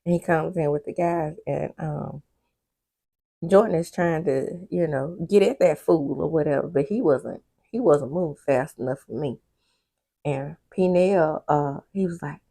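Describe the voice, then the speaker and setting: Slow, gravelly-voiced woman recapping a show. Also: sits low, mellow, no echo, studio quality. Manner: chatty, candid, laughing asides. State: sleepy. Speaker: TV recap vlogger. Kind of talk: casual episode recap.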